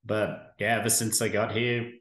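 A middle-aged Australian man with an Australian accent, a guest from a staffing firm, chats easily in a casual interview with dry, self-deprecating humor. His voice is fairly low and a bit bright, with a flat delivery at normal speed. The room gives the recording an echo.

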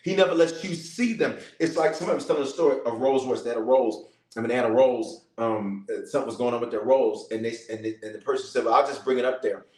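A man's voice: mid-range voice, fast, a little mellow, roomy sound, poor audio. A man preaching as a bishop, praying and calling out to the congregation, repeating his lines. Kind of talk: sermon with prayer.

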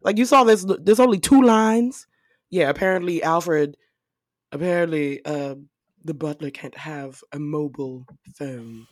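A woman's voice: deep voice, measured pace, no room sound. A woman co-hosting a podcast, chatting casually about a movie, laughing often and swearing freely.

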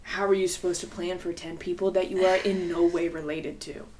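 A woman's voice: fairly low pitch, little pitch movement, a little fast, darkish tone. A young woman co-hosting a podcast, telling a personal story in casual, rambling chat full of fillers. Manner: rambling, filler-heavy, candid and profane. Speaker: podcast co-host.

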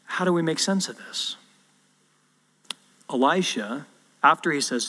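Guy preaching a sermon, kinda high voice, tells it like a story, big hall echo. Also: slow, pauses often, pushed and bright, breathy edge. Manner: storytelling, acts out quotes. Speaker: pastor. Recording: long hall reverb.

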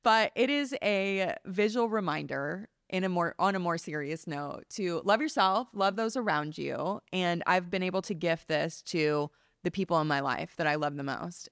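Animated woman telling a story, dry sound. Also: lowish voice, normal speed, hardly any pauses, dry recording. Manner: animated, acts out quoted dialogue. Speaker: small business owner, guest. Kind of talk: casual interview storytelling.

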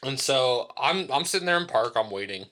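A young man co-hosting a podcast, telling stories in a casual, animated way, swearing freely and laughing often. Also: mid-range voice, moderate pace. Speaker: podcast co-host. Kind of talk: casual storytelling chat.

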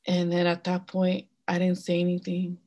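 This podcast co-host speaks in a lowish, warm voice with a completely flat delivery at a moderate pace. Telling a personal story, she is blunt and frank, curses freely, leans on fillers, and slips phrases from another language into her sentences.

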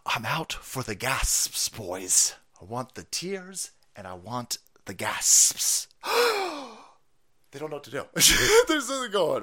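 A man's voice: medium pitch, wildly swooping pitch, takes it slowly, sharp tone, husky. A man streaming a ranting commentary on news clips, foul-mouthed and sarcastic, often breaking into laughter.

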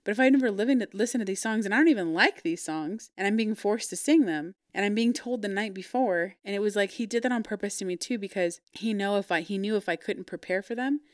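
A young woman, a podcast guest, bluntly telling a story and swearing freely, growing animated when frustrated. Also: medium pitch, fast talker, few pauses, no room sound, clean studio sound. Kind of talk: casual storytelling interview.

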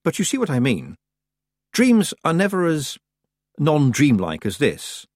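A man reading an audiobook, voicing a young girl's calm, wry inner voice. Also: a little high, unhurried, dry recording, clean studio sound, voice pushed up, heavily acted. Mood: wary. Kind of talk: audiobook character voice.

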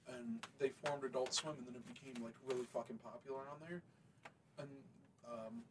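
A man's voice: medium pitch, steady tone, normal speed, background noise. A young man co-hosting a podcast, rambling in casual chat with lots of fillers and swearing. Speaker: podcast co-host.

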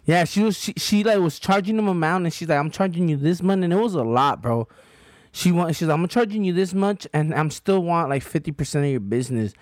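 High-voiced slangy man telling a story. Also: expressive, a little fast, a little mellow, no room sound, studio quality. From Southern California. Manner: slangy, profane storytelling with frequent fillers. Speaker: podcast co-host. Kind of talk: casual chat.

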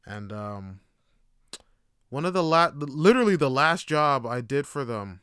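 A man's voice: medium pitch, lively intonation, unhurried, fairly bright tone, smooth, no room sound, studio quality. A young man, hosting a podcast and telling profane, rambling stories with laughter. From Canada. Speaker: podcast host. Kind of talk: casual monologue.

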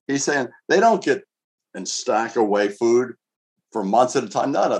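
A man preaching a sermon in an earnest, conversational way, asking his listeners rhetorical questions and reading scripture aloud. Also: mid-range voice. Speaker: pastor. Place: outdoors in winter.

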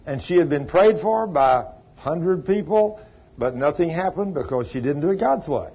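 Folksy preacher, husky, slightly high voice, emphatic, dull lo-fi tape. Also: male voice, expressive, moderate pace. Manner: folksy and emphatic, with sudden exclamations. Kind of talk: sermon with storytelling.

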